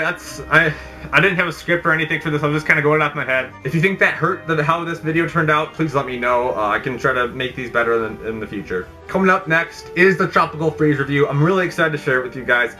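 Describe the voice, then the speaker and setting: A man's voice: mid-range voice, sharp tone. A young man hosting an unscripted opinion vlog, rambling and exasperated, with mock outrage and self-aware asides. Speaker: YouTube channel host. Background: background game music.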